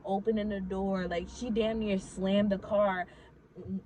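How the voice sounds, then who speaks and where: A woman's voice: mid-range voice, a little slow, a little hiss or hum, rough recording. Swearing young woman telling a story. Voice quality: animated, swears freely, frequent likes. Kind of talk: casual storytelling.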